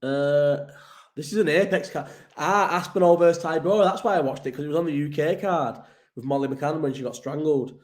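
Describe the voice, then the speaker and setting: A man's voice: on the high side, fairly quick. A man from Bolton, hosting casual fight talk, thinking aloud and swearing. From Bolton, England. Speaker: host. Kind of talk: casual solo fight commentary.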